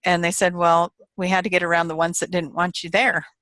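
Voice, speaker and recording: A woman's voice: fairly low pitch, little pitch movement, a little fast, fairly bright tone, no echo. A woman guest in an interview, telling a story casually, retelling quoted voices with animation and laughter.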